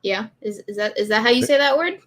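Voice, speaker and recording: A woman's voice: a little high, lively intonation, quick pace. A woman hosting a livestream, chatting casually, teasing her guest and laughing often. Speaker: stream host.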